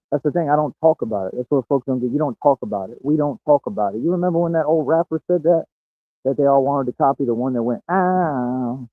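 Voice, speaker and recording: A brash man brags through a boastful livestream monologue and keeps laughing at his own lines. His voice sits at an ordinary middle pitch. The audio is tinny and phone-like, with a dry, close sound. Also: no echo. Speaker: streamer.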